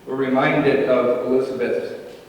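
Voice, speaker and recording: A man's voice: mid-range voice, distant mic, a little hiss or hum. A male pastor giving a conversational, humorous sermon in a church, heard from afar in an echoey hall.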